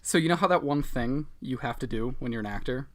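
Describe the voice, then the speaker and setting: A man co-hosting a podcast, chatting casually about movies with sarcastic, animated swearing. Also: medium pitch, brisk. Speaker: podcast co-host. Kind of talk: casual movie-review chat.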